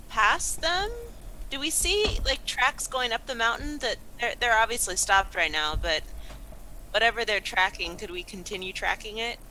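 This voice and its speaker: A woman's voice: on the high side, sharp tone, a little hiss or hum, poor audio. A woman playing in a tabletop game, thinking aloud in questions. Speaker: player.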